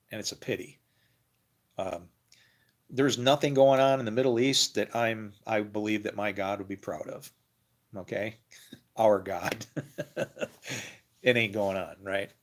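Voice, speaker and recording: A man's voice: on the low side, a bit bright. A man talking casually to his viewers about faith, rambling and laughing often as he thinks aloud. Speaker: religious video creator. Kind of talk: casual monologue to camera.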